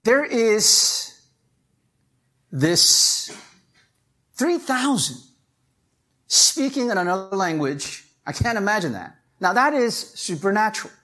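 A pastor preaching a sermon in a conversational way, often checking in with "right?" and "you know?", and climbing in pitch and force to stress key points. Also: animated, slow pace, pauses often, sharp tone.

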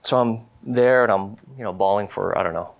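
Man preaching a testimony, lowish voice, halting, earnest, confessional. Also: creaky. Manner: halting, many fillers and restarts. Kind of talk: personal testimony in a sermon.

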